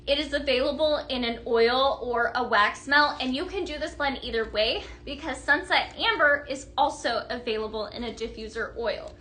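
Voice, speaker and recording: A young woman with a high, bright voice hosting a live sales stream. She talks in a chatty, upbeat way, greets viewers by name and fills her pauses with plenty of ums while she shows off products. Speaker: host of a live home-fragrance sales show.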